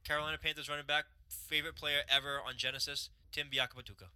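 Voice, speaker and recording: A man in casual sports chat who cuts in with quick jokes. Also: on the high side, flat delivery, sharp tone.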